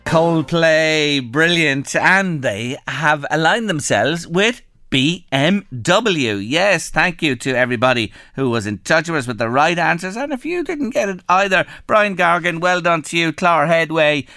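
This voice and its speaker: A male radio presenter with a bright, crisp, slightly high voice, chatting enthusiastically. The sound is close and dry with no room. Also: expressive, unhurried, few pauses, no room sound, soft background music.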